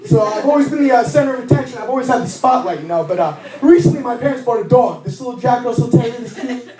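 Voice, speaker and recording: A man's voice: very high-pitched, expressive, quick pace, music in the background. A young man doing a stand-up comedy set, ranting crudely and in exasperation. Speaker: stand-up comic. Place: comedy lounge. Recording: echoey club, distant mic, audience laughter.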